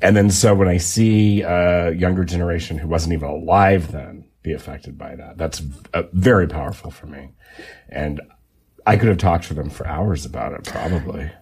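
A man's voice: sits low, moderate pace, gravelly, darkish tone, husky. A man co-hosting a radio talk show, effusive and encouraging in casual conversation. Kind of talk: casual on-air chat.

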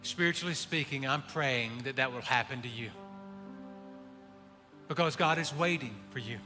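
A man preaching a sermon, swinging between hushed pleading and impassioned calls. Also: mid-range voice, moderate pace. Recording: reverberant hall with faint music. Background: faint music.

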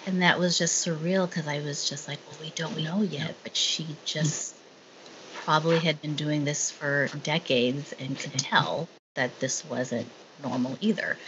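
A woman candidly recounting a personal experience in casual conversation, halting with fillers and restarts. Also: low voice. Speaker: guest sharing her story. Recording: dull lo-fi sound with faint noise.

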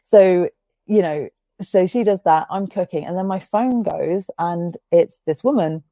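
Gravelly, mellow-voiced woman telling a story. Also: fairly low pitch, unhurried, no room sound. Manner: chatty storytelling, filler-heavy, swears freely. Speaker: podcast host. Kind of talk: casual chat.

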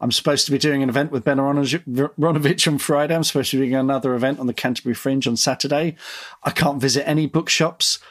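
A man co-hosting a writing podcast while mildly ill, his voice a bit husky, chatting in a rambling, self-deprecating way. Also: mid-range voice, fairly even intonation, quick pace. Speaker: podcast co-host and author. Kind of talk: casual podcast chat.

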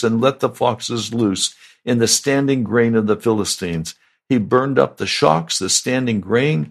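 A man's voice: on the low side, creaky, slightly rough. A male pastor preaching a sermon, retelling a Bible story and rising to emphatic peaks.

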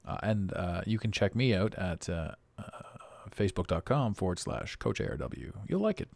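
A man's voice: moderate pace, gravelly, no echo. A man hosting his own podcast in a casual monologue, rambling and self-amused, often laughing. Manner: animated pitch swings. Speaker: podcast host.

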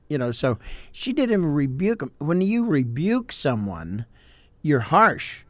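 Brief: older male pastor co-host, higher-pitched voice, dry close sound, acts out quotes. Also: moderate pace, no room sound. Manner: explains with acted-out quotes, animated. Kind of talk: casual podcast chat.

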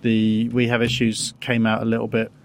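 A man hosting a casual podcast, rambling with halting restarts and self-deprecating asides. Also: fairly low pitch, monotone. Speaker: podcast host.

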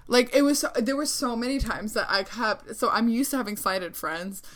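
A woman's voice: a little high, normal speed. Giggly young woman, rambling casual chat. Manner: giggly, rambling, many fillers. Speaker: vlogger.

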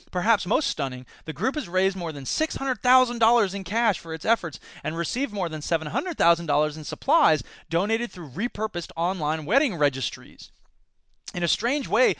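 A man who teaches, hosting a casual commentary podcast in a chatty, animated way with frequent restarts. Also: on the high side, dry recording.

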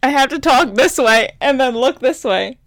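A woman's voice: sits high, animated, normal speed, a bit bright, no room sound. A woman co-hosting a podcast, chatting casually with laid-back, playful banter. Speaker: podcast co-host.

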